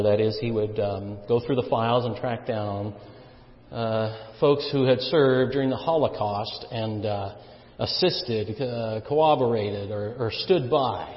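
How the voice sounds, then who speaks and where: A man preaching a sermon, swinging between loud stressed phrases and quiet low asides. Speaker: pastor. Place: church sanctuary. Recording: echoey church hall, dull sound.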